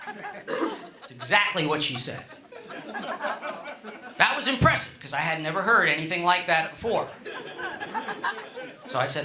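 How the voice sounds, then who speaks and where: A man's voice: sits high, lively intonation, normal speed, reverberant, background noise. A middle-aged man doing stand-up, telling a rambling story with chuckles and many fillers. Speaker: stand-up comedian.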